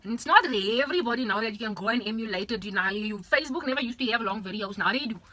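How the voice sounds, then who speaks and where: A young South African woman with a bright, sharp voice rants straight into the camera in her South African accent. She talks fast and pitched high, exaggerated and repetitive, dropping into Afrikaans now and then. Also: lively intonation. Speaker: vlogger. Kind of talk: ranting monologue to camera.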